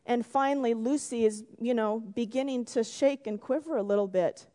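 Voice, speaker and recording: A woman preaching a gentle sermon to her congregation, telling a story and closing in prayer, sometimes dropping to a whisper. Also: fairly high pitch, moderate pace. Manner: gentle, drops to a whisper for emphasis. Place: church sanctuary. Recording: long reverb in a church hall.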